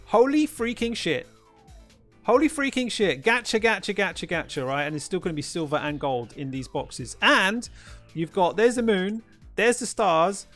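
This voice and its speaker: A man with a high, fairly bright voice hosts a gaming channel, delivering ranting game commentary. He sounds exasperated, swears frequently, and fires off rhetorical questions.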